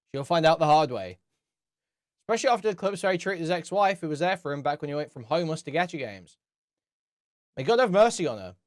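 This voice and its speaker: A man's voice: fairly high pitch, no room sound, clean studio sound. A man hosting reaction commentary, talking in a sarcastic, profane way and mocking by repeating phrases. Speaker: commentary host.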